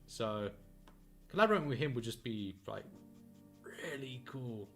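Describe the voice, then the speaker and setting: A male artist streaming his drawing from a home studio speaks in a mid-range, expressive, slightly bright voice, a little on the slow side, over soft background music. His talk rambles happily, leans self-deprecating, and is packed with fillers.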